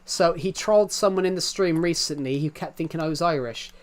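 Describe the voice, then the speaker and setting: A man's voice: on the high side, brisk. A young English man with an English accent livestreaming, chatting casually to his viewers and rambling in circles, repeating himself. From England. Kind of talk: casual chat to live viewers.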